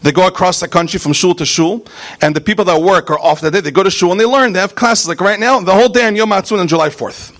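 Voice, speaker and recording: A man, a rabbi, preaching a fiery sermon, punching out single words and then dropping to quiet asides. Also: sits high. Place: synagogue.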